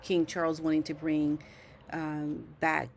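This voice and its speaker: A woman hosts a casual commentary livestream, talking straight to her viewers in an easygoing, chatty way. Her voice sits a little low and she takes her time, drawing her words out. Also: completely flat delivery, a little slow, vocal fry, a little hiss or hum. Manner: chatty, talks to viewers in chat, keeps asking "okay?". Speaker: livestream host.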